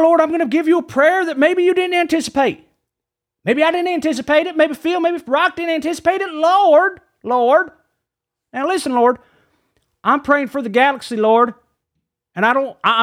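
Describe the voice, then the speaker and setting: A man voicing an excitable, rambling male reverend in a comedic mock prayer. He says "Lord" after nearly every phrase and trips over his words. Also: very high voice. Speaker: guest preacher character. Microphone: studio dynamic mic.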